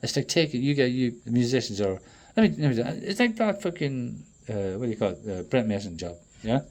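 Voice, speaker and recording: A man in a profane, rambling monologue that swings between loud outbursts and low muttering. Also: very animated, fairly quick. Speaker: traveling performer.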